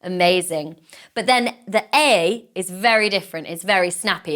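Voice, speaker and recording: A woman's voice: on the low side, unhurried, pauses often, a bit bright. A woman leading a children's singing lesson, explaining with playful images and praising often. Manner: encouraging, full of praise.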